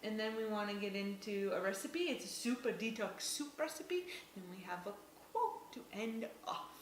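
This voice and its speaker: A woman's voice: mid-range voice, lively intonation, normal speed, reverberant, slight background noise. A woman co-hosting a casual morning talk show, giggling often and playful. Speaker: co-host. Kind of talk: casual chat.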